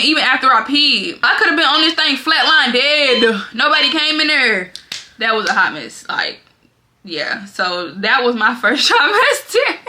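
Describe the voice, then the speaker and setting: A young woman vlogger telling stories in a lively, dramatic way, often talking straight to her viewers. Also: on the high side. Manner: animated, dramatic storytelling, often addresses viewers as y'all. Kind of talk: casual storytelling vlog.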